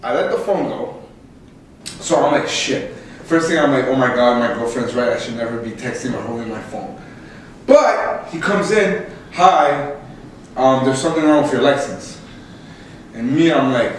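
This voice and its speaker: A young man, a podcast host, telling a story casually and with much laughter, his voice leaping high when excited. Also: moderate pace. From Canada. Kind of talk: casual storytelling among co-hosts. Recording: echoey room, distant mic, faint noise.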